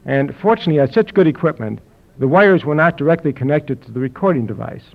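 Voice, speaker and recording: A man's voice: on the high side, expressive, fast, vocal fry. An older man telling a personal story to a live audience in a dry, wry, anecdotal way. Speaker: speaker telling his health story. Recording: dull lo-fi recording with audience laughter.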